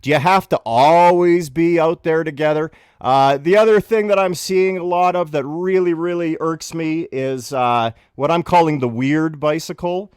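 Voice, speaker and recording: Man grumbling through a deadpan rant. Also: on the high side, normal speed, few pauses, smooth, no room sound, clean studio sound. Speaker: co-host. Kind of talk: comedy podcast rant.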